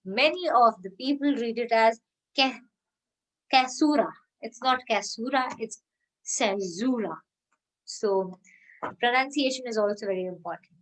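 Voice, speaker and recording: A woman with an Indian English accent teaching a recorded college English lesson, explaining step by step and reading verse lines slowly. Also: fairly high pitch, a bit bright, poor audio. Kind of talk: recorded online lecture.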